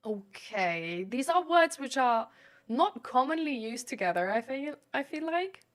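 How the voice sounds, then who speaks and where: A woman's voice: high-pitched, very animated, unhurried. Rambling young woman chatting casually. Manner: rambling, fills every phrase with "like" and "um". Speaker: streamer answering chat questions. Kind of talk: casual chat.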